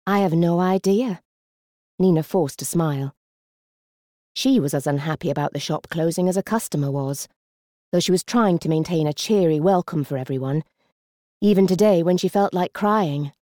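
A woman narrates an audiobook with a low, mellow voice and measured delivery. The sound is dry and close to the mic. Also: no echo.

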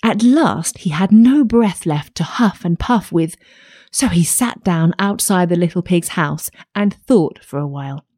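A woman reading a fairy tale aloud in a lively, expressive storytelling manner. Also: on the low side, unhurried, dry recording, clean studio sound.

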